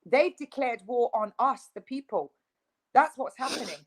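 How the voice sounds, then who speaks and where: A woman's voice: on the high side, animated, moderate pace, rough recording. Insistent woman, emphatic. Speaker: interview guest. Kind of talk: video interview.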